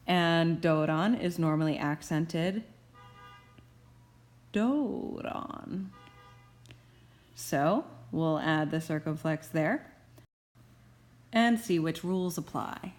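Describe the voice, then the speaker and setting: A woman's voice: low voice, takes it slowly. A woman professor giving a recorded grammar tutorial, explaining rules carefully with playful asides. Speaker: Greek professor.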